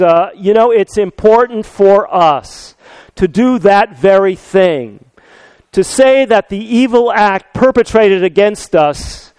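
Older male preacher, earnest and animated sermon, smooth resonant tone. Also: high-pitched, no room sound, low-quality recording. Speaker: pastor.

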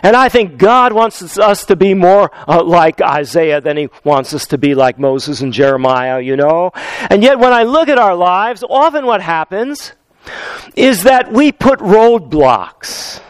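A man preaching a sermon as pastor, acting out biblical characters in a lively storytelling way. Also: high voice, a little slow, no echo, low-quality recording.

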